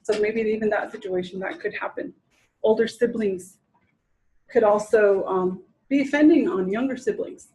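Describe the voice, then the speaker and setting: A woman's voice: medium pitch, normal speed, warm tone, rough recording. A woman in her thirties giving an informal training lecture, talking conversationally, restarting sentences and acting out quotes. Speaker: presenter at a training session.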